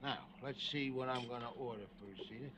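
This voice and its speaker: An actor playing a blustering, wisecracking middle-aged working-class husband in a 1970s sitcom, gruff and ungrammatical. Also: male voice, mid-range voice, fairly quick, fairly bright tone, close to an everyday voice. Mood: joking. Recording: noisy sitcom audio with laugh track.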